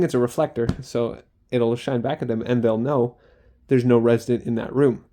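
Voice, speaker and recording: A man's voice: mid-range voice, steady tone, normal speed, dark tone. A young man, a student care worker, chatting casually in a vlog diary, rambling and acting out sounds.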